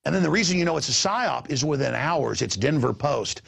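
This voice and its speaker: A middle-aged man hosting a talk show, rambling in an animated way and repeating his words, with a gravelly voice. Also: a little fast. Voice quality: gravelly, husky voice. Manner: excitable, repeats words, jumps between pitches.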